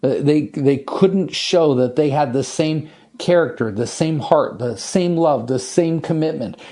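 Earnest male preacher with a mellow voice. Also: fairly high pitch. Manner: earnest, emphatic preaching with slowed, stressed scripture reading. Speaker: pastor. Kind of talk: expository sermon.

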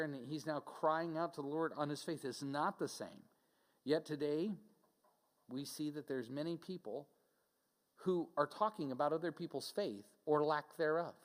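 A pastor delivers his sermon in an earnest, plain-spoken way, talking to his people as if across a table. His voice sits a little high for a man. The sound rings on with a long reverb from a big hall. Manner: earnest, direct, conversational preaching with mocking asides.

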